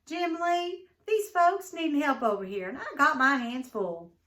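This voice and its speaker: A woman's voice: sits high, measured pace, fairly bright tone, pitched above the performer's own voice. A woman reading aloud, voicing a busy shopkeeper's wife who calls out in a raised, strained voice. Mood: harried.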